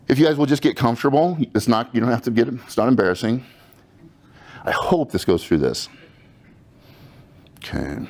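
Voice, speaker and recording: A man's voice: medium pitch, darkish tone. A man leading a live group in a breathing exercise, talking in a casual, chatty, upbeat way with asides to the audience. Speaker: breathing workshop leader. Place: room with about twenty-five people.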